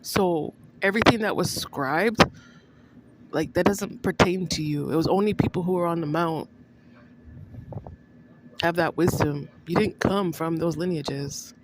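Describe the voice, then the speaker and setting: A woman vlogger in a rambling monologue, accusing someone she addresses by name, repeating herself with halting restarts. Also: fairly low pitch, background noise. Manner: accusing, repetitive, addresses an absent person by name; halting, with many restarts and fillers.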